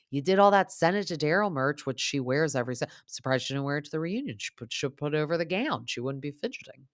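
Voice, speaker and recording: A woman's voice: low-pitched, lively intonation, fast talker, hardly any pauses, dry recording, clean studio sound. A young adult woman hosting a podcast, chatting casually and opinionatedly about reality TV, with lots of "like" fillers. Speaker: podcast host. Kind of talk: casual reality TV recap chat.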